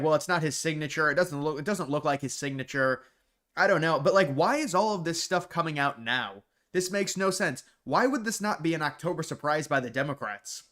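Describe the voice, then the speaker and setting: A man's voice: fairly high pitch, a bit bright. Rambling blunt man on a livestream. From Ohio. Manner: rambling, blunt, trailing off into restarts. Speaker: livestream host. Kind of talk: casual livestream chat, reading viewer questions.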